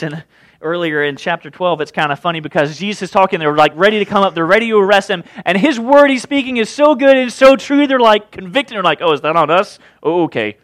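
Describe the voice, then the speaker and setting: A male preacher giving a sermon, retelling a scripture story in a casual, joking, animated way. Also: high-pitched, no room sound.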